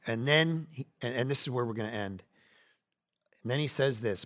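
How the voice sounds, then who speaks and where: A man in his forties preaching a sermon, animated, swinging between loud bursts and hushed asides. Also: mid-range voice, moderate pace. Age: 40s. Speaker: pastor.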